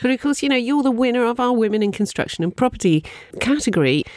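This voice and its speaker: A woman's voice: a little high, expressive, quick pace, darkish tone, dry recording, clean studio sound. A woman interviewer who prompts her guest with encouraging short follow-up questions. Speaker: interviewer host. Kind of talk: conversational interview.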